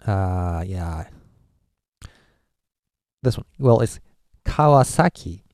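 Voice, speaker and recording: A man's voice: deep voice, animated, drawn-out words, darkish tone, no room sound, clean studio sound. A man from Japan, a native Japanese speaker with a Japanese accent, giving a casual language lesson, hesitant with many filler uhs as he sounds out syllables. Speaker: language teacher.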